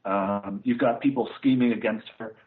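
A man's voice: lowish voice, fairly even intonation, normal speed. A man co-hosting a casual podcast, giving a rambling, scathing film review full of "uh" and "like". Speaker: podcast co-host reviewing films. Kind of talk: casual chat. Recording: tinny phone-like line.

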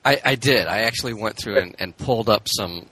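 A man's voice: fairly low pitch, brisk, sharp tone, slightly rough, dry recording, poor audio. A man co-hosting a podcast, chatting casually with dry, wry commentary. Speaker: podcast co-host.

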